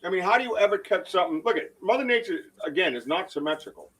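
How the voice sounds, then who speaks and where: A man hosting a casual podcast livestream about Bigfoot research, talking in an excitable, rambling way with many restarts. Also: sits high, fast, far from the mic, low-quality recording.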